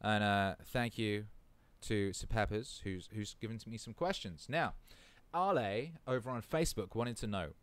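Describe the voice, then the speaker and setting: A man's voice: lowish voice, normal speed, clean tone. A man hosting a casual live stream, reading out chat comments in a laid-back way and swearing freely.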